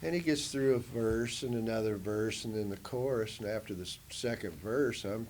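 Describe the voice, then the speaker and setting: A man, a band member, telling stories in a casual oral history interview in a museum, animated at times and dropping soft on sad parts. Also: on the low side, normal speed, slight background noise. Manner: animated, acts out quotes in a raised voice.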